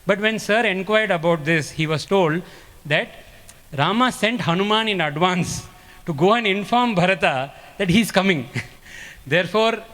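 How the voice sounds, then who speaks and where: A man's voice: sits high, lively intonation, a little slow, fairly bright tone. Earnest man giving a spiritual talk. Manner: earnest, emphatic, repeats phrases for stress. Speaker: speaker at a spiritual gathering. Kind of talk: spiritual discourse with storytelling. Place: large ashram hall. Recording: long hall reverb.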